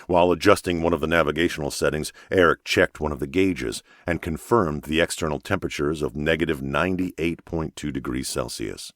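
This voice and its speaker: Very deep-voiced male audiobook narrator. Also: brisk, few pauses, a bit bright, no echo, clean studio sound. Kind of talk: scripted narration.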